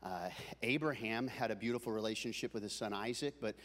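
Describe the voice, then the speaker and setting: A man preaching a comic storytelling sermon, animated and building up to shouting. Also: fairly low pitch, brisk, in a large hall. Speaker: pastor.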